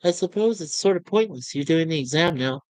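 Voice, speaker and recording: A cool young woman officer, as a man puts her on, brisk and offhand as she turns someone down. The voice moves a lot in pitch and sounds close and dry. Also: lively intonation, no echo, close to an everyday voice. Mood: dismissive.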